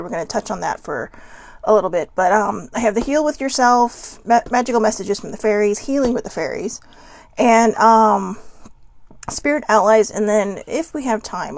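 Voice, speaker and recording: A woman hosts a casual oracle card reading, talking in a loose, rambling way with the odd swear word. Her pitch moves a lot, rising and falling as she goes. The recording is dry and close, with no room echo. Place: at home by a desk lamp.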